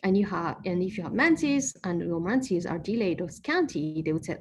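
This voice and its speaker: A woman's voice: fairly low pitch, expressive, normal speed, few pauses, darkish tone, husky, rough recording. Patient woman explaining medicine. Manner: patient, explanatory, builds lists step by step. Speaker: acupuncturist.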